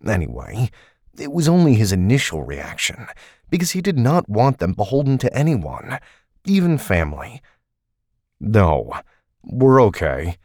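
A man narrating a novel in measured storytelling at a close studio mic. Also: mid-range voice, wildly swooping pitch, a little mellow, dry recording. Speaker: audiobook narrator.

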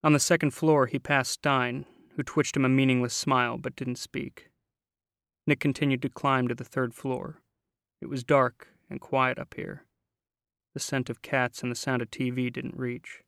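A man narrating a novel in a measured, wry way, close to the mic. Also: mid-range voice, creaky, fairly bright tone, no room sound. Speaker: audiobook narrator. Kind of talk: scripted narration.

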